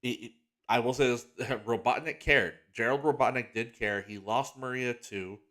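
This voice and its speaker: This man runs his own podcast and speaks solo in a slightly bright, medium-pitched voice at a moderate pace. His casual chat is rambling and eager, heavy on "like" and restarts, and turns emotional and sincere on a heartfelt subject.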